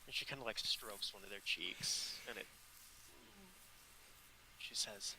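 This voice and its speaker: A man narrating a tabletop role-playing game as dungeon master, unhurried and full of fillers. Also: lowish voice, vocal fry, sharp tone, a little hiss or hum, low-quality recording.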